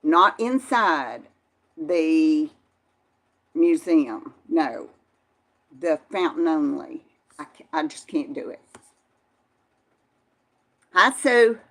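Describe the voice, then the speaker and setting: A woman's voice: low voice, lively intonation, extremely slow, long pauses, a bit bright. An older woman, chatting casually on a live stream and answering viewers by name in a folksy way. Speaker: vlog host reading live chat.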